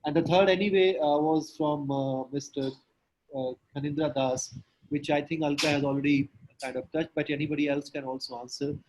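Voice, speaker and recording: A man's voice: on the high side, steady tone, a little fast, a little mellow, low-quality recording. A man moderating an online panel discussion, filling his turns with many hesitations. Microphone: remote video call.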